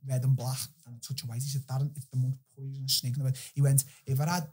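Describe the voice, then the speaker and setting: A young man with a very husky, rough voice holds forth as a podcast guest. He tells his stories loosely and profanely, often breaking into laughter. His pitch sits at an ordinary middle level. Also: level tone, racing, darkish tone. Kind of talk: casual storytelling chat.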